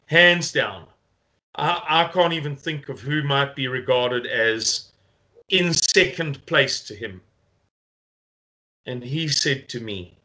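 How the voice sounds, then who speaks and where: A South African man records an earnest update for his followers. His voice sits a little high and rings bright and forceful, and he takes his time over every phrase with a rallying, deliberate weight. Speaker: movement spokesman. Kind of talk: video update to supporters.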